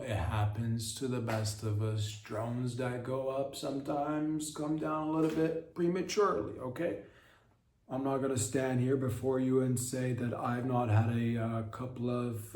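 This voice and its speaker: A man at a middle pitch rambles through a comic monologue, trailing off, correcting himself and sliding in deadpan innuendo. His voice bounces around an echoey room. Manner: digressive, deadpan innuendo, frequent self-corrections. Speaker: comedy podcast host.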